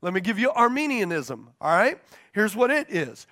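A pastor teaching a sermon, stressing key points by repeating them and checking in with the congregation. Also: male voice, high voice, very animated, brisk, a bit bright.

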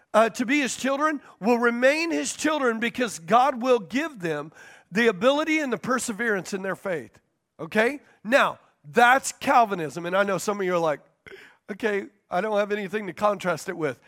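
A pastor teaches a sermon, driving home key points by repeating them and checking in with the congregation. His male voice is very high and a bit bright.

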